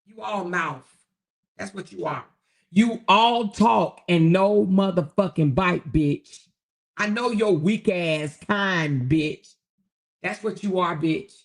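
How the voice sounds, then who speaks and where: A woman hosting her own online talk show, delivering a loud, taunting, profanity-heavy rant. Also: fairly low pitch, slow pace.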